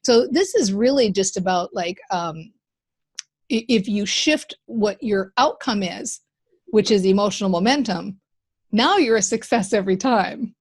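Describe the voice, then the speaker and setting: A woman's voice: medium pitch, lively intonation, measured pace, husky. A woman hosting a podcast, coaching her guest with enthusiasm and encouragement, often repeating key phrases. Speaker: podcast host and mindset coach. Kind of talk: coaching conversation.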